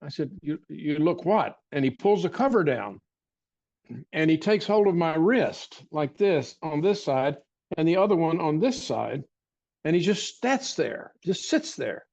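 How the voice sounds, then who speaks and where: An older man telling a personal story as an interview guest, with rambling restarts and frequent throat clearing. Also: fairly high pitch, very animated, unhurried, darkish tone, lo-fi sound. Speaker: interview guest, martial arts teacher.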